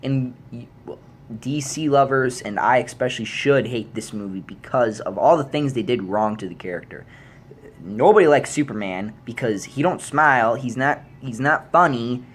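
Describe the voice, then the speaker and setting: A man vlogging an angry movie rant, swearing freely and jumping into high yells when outraged. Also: moderate pace, slightly rough. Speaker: YouTube vlogger.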